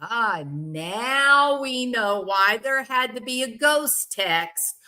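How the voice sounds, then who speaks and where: Older lady giving her blunt opinion, bright voice, slow and emphatic. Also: a little high, lively intonation. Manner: opinionated, emphatic, plain-spoken. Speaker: commentary channel host. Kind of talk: casual commentary.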